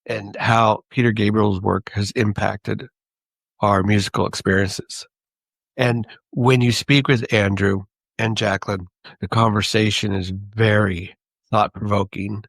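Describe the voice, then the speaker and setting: A man's voice: fairly low pitch, little pitch movement, measured pace, creaky, dry recording. Upbeat man hosting a podcast. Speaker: podcast host. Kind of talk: casual podcast interview.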